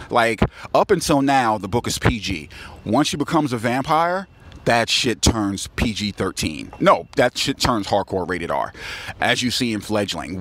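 A man's voice: on the low side, fairly bright tone. A male author casually retelling his own book's plot, slangy and profane. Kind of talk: casual storytelling about his book.

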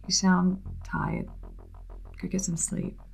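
A crime boss's daughter with a lowish, creaky voice. She speaks gently and softly. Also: expressive, slow pace, soft background music, exaggerated voice. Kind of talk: film acting.

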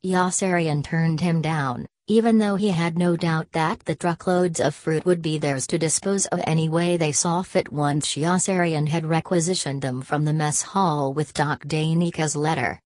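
A woman narrating a novel as an audiobook, in an even, measured reading. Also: deep voice, no room sound.

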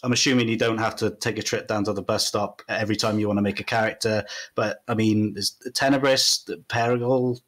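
A man's voice: fairly low pitch, steady tone, fairly quick, few pauses, a bit bright. Welsh male host, casual chat, hesitant delivery with frequent fillers. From Wales. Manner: hesitant, many ums and uhs. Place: home in Cardiff.

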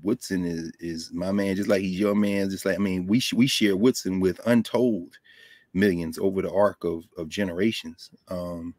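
A man guest on a live video call, telling stories in a casual, animated way, laughing often. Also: deep voice, normal speed, no echo, clean studio sound. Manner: animated, loose, laughs often, drops into quoted voices. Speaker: guest scholar. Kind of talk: casual conversational storytelling. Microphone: desk microphone on a video call.

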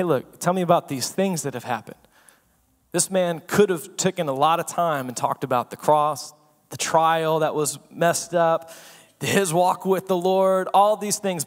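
A man preaching a sermon as pastor, swinging between loud emphasis and hushed asides and asking the room rhetorical questions. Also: fairly high pitch. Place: church sanctuary. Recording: long reverb of a church hall.

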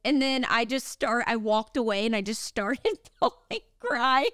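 A woman in her thirties co-hosting a casual podcast, telling stories with animated, high-pitched quoted voices. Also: a little slow, dry recording, clean studio sound. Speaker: podcast co-host. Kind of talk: casual chat.

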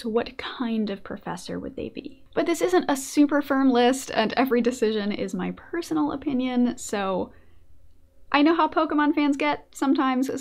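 A woman's voice: fairly high pitch, vocal fry, darkish tone. A woman hosting her own video, a writing teacher giving scripted, casual commentary with playful joking asides. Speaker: video essayist and host.

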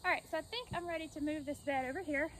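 A woman's voice: high voice, quick pace, a bit bright, a little hiss or hum, rough recording. A woman in a backyard garden, chatting to the camera as she explains each step of her work. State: out of breath at times. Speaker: gardening vlogger. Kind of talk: casual talk to camera while working.

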